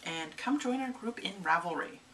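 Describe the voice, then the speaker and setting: A woman's voice: lowish voice, expressive, normal speed, a bit bright, soft background music. A woman co-hosting a casual knitting podcast, playful and rambling, with many "um"s. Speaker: podcast co-host. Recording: distant mic with faint room noise.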